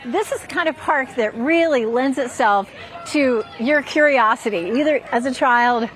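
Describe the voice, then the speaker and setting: A woman's voice: high-pitched, normal speed, a bit bright. A woman meteorologist giving a chatty, upbeat live report from an outdoor park, a little out of breath. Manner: upbeat, chatty, laughing between lines.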